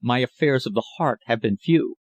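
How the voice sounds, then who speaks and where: A man's voice: medium pitch, normal speed, no room sound, natural voice. A man reading an audiobook, voicing a young journalist in love who pleads his case with passion. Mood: protesting. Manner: impassioned, pleading. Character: young male journalist, ardent lover.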